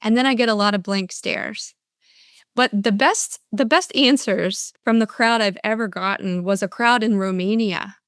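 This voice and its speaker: A woman's voice: mid-range voice, moderate pace, fairly bright tone, clean tone, dry recording, studio quality. An older woman giving a motivational talk as a speaker and coach, earnest, often restarting and acting out answers from her audiences.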